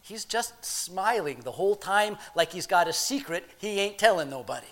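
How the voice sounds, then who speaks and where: A man playing a gruff, plain-spoken working guy. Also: high voice. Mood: excited. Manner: rough everyday grammar, halting restarts; swings from hushed murmur to loud excited telling. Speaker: monologue performer. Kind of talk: dramatic first-person monologue.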